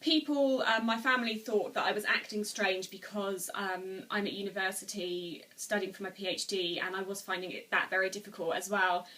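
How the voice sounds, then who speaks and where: A woman's voice: medium pitch, fairly even intonation, normal speed, hardly any pauses, sharp tone, distant mic. A woman in her twenties telling a personal story to camera at home, earnest and rambling with many restarts. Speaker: vlogger. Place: room at home, seated.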